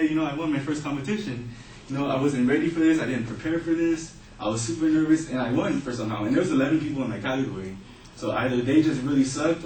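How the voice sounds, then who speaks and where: A man telling a personal story in a casual, animated way. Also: medium pitch, a little hiss or hum. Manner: animated, acting out voices in his story. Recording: roomy, distant mic, faint ambience.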